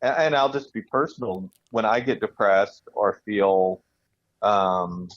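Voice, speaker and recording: A man's voice: on the low side, measured pace, no echo, dull audio. A man co-hosting a podcast in casual chat, rambling with restarts and fillers. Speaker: podcast co-host.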